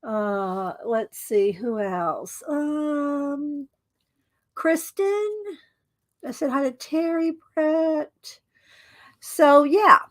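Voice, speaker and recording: Chatty high-voiced woman streamer. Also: very slow. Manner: chatty, laughs often, drawls greetings to viewers. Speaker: live-stream art host. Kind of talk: casual live-stream chat greeting viewers.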